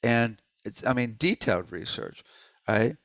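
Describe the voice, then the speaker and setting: A man of middle pitch presents in a relaxed, conversational way, often breaking into chanted syllables and hums to demonstrate. The sound is close and dry, with no room echo. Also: unhurried. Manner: loose and conversational, many "right?" asides. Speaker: presenter at a sound healing meeting. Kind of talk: informal presentation.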